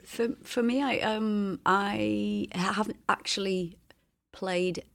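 A woman's voice: mid-range voice, steady tone, slow, creaky, fairly bright tone. A woman, an actress guest in an interview, who explains her views thoughtfully and speeds up as she goes. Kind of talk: interview chat.

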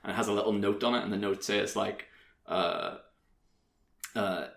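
A man's voice: on the low side, fairly even intonation, normal speed, creaky, fairly bright tone. A man rambling through a game story in casual podcast chat, with many fillers. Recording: roomy echo.

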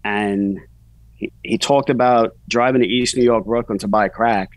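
A man's voice: mid-range voice, fairly even intonation, moderate pace, no room sound, low-quality recording. A man in his forties, a guest author, telling a personal story in a casual, rambling way, full of "you know" fillers.

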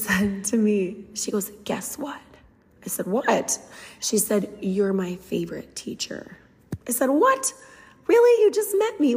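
Woman podcast host, young adult, earnest heartfelt storyteller, mid-pitched, recorded with a long reverb tail. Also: dark tone. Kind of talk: casual storytelling.

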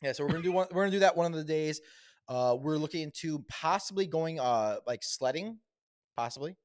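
Young male podcast co-host, rapid rambling delivery, crude humor, a bit high-pitched. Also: expressive. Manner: fast, rambling, jokey, loud outbursts when acting out scenes. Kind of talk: crude casual podcast banter.

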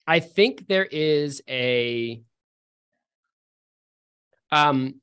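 A man's voice: on the high side, lively intonation, very slow, a bit bright, clean tone. A man narrating as game master in a loose, filler-heavy way.

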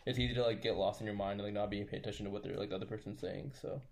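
A young male podcast co-host chats casually with friends, rambling with plenty of filler words and restarts. His voice sits on the low side, with a steady tone and rapid-fire delivery.

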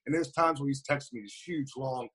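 A man's voice: medium pitch, a crowd in the background. A man in casual political chat on a podcast, emphatic, peppering his talk with "man" and "bro". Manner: fast, emphatic, says "man" and "bro" a lot.

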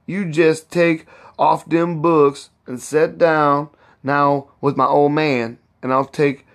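A man reading aloud gives voice to a proud, bossy old plantation cook who fusses and scolds in thick old Southern dialect. Her voice sits higher than his own and her words are slow and drawn out. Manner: raised pitch, drawn-out words.

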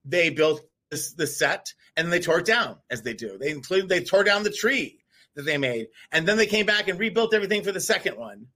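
A man co-hosting a live talk show, telling a long story in a rambling, animated way with many restarts. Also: fairly high pitch, brisk. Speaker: co-host. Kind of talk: casual storytelling chat. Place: before a live audience.

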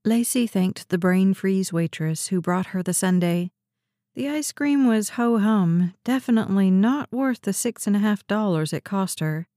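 Female audiobook narrator, steady even read, warm dark tone, dry studio sound. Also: mid-range voice, a little slow, dry recording. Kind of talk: scripted narration.

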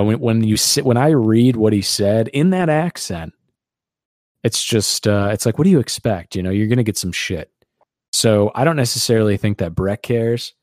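Male podcast host, low-ish voice, sarcastic and rambling, dry recording. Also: darkish tone, dry recording. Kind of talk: casual podcast chat.

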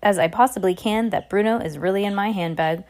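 A woman's voice: medium pitch, brisk, darkish tone, lightly acted. A woman voicing an elderly grandmother who speaks patiently and firmly. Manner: patient, firm. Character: calm firm elderly grandmother.

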